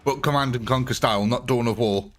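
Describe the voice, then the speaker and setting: A man's voice: mid-range voice, fast, faint music behind. A young man chatting through a live gameplay stream, thanking viewers and talking through his choices.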